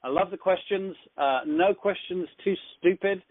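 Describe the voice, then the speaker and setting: Englishman hosting a call, fairly high voice, rambly and chatty, tinny phone sound. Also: normal speed. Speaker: host of a business conference call. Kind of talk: casual motivational talk.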